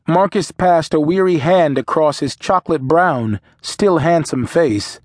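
A man narrating a novel in a measured, steady storytelling manner. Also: on the high side, no echo, clean studio sound. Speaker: audiobook narrator. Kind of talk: scripted narration.

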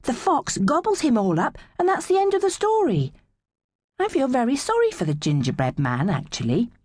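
A woman's voice: sits high, wildly swooping pitch, normal speed, darkish tone, breathy edge, no room sound, clean studio sound. A woman narrating a children's audiobook in a young girl's first-person voice, playful and wide-eyed.

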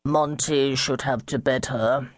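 A woman voicing a half-asleep drunk young gentleman who speaks sluggishly. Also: extremely low pitch, fairly even intonation, slow pace, no echo. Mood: drowsy. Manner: sluggish, drowsy.

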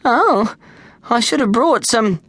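A man voicing a squeaky, timid weedy boy gladiator. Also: animated, takes it slowly, fairly bright tone, no echo, full character voice. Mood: dismayed. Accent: Australian.

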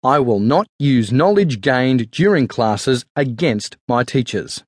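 A man's voice: mid-range voice, expressive, slow pace, dry recording, studio quality. A man voicing a strict, cold male schoolteacher in an audiobook, giving clipped, stern commands. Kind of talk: audiobook character voice.

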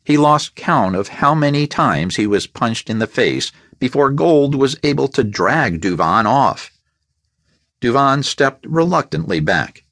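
A male audiobook narrator with a mid-pitched voice that moves a lot, reading at an unhurried, deliberate pace. The studio recording is close and dry, with no room sound. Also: no echo. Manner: measured, expressive storytelling.

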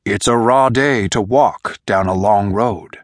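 A man voicing a disguised gray-haired peddler in an audiobook, whining as he hawks and low when alone. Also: slow pace, no echo, clean studio sound. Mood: quiet. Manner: whining as a hawker, then low and grim. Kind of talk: audiobook character voice.

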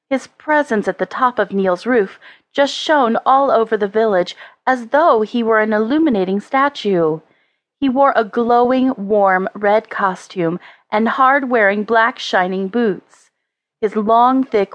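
A woman narrating a children's storybook in a slow, measured way. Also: fairly high pitch, no echo. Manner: slow, expressive, measured reading. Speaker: audiobook narrator.

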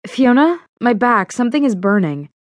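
A panicky young heroine, as a woman narrator puts her on, pitched high and pushing her voice with alarm. She snaps out urgent questions in a close, dry recording. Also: moderate pace, no echo, natural voice. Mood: panicked.

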